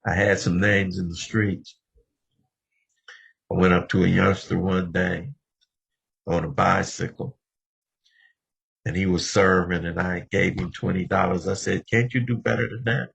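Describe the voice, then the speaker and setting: Seventy-year-old man, deep raspy voice, telling his recovery story to a meeting. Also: flat delivery, unhurried, long pauses, a bit bright, lo-fi sound. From Los Angeles. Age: 70s. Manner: conversational storytelling, often addressing the room directly. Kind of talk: personal recovery share.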